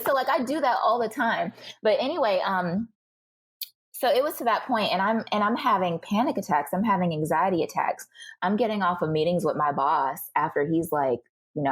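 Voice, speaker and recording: A woman's voice: low voice, husky. A young adult woman speaking as a podcast guest, telling her story candidly and acting out what other people said to her. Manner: animated, acts out other people's remarks in quick bursts.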